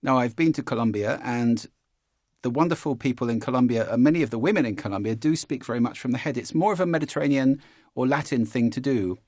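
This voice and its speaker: A man's voice: quick pace, no echo, clean studio sound. A man teaching a spoken lesson as a voice coach, often shifting his voice to demonstrate. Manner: demonstrates pitch shifts, animated.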